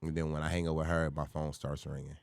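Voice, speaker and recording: A middle-aged man with a low, deep voice tells a personal story on a podcast. He talks casually and acts out the people in the story. His voice is close and dry, with no room sound. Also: fast, creaky, clean tone, no echo. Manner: animated, acts out voices in his stories, curses freely. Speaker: comedian guest.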